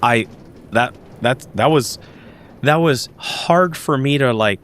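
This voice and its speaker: A man telling a story as a podcast guest, animated, acting out the dialogue, often restarting his sentences. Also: mid-range voice, slow pace, slight background noise. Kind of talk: conversational storytelling.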